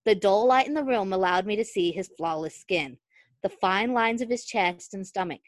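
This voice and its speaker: A woman podcast host reading a fan fiction story aloud, expressive and quick to break into laughter. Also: medium pitch, dry recording.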